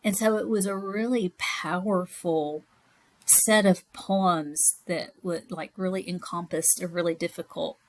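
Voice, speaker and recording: A woman's voice: lowish voice, steady tone, unhurried. A woman teacher in her thirties or forties, giving a recorded class lecture in a chatty, rambling way with frequent asides.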